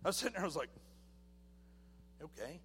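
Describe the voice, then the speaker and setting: A man giving a personal testimony at church, telling his story with lively acted-out voices. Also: fairly high pitch, brisk, big-room sound, slight background noise. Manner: animated storytelling, acting out voices.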